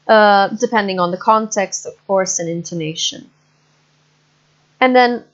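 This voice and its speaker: A woman teaches an English class online at a mid pitch, talking her students through examples. She moves slowly, filling pauses with "um" and checking that they follow. The sound is muffled and lo-fi, as from a computer microphone. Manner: explains slowly with many fillers and checks for understanding. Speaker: university English lecturer. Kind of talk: online lecture. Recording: muffled lo-fi recording.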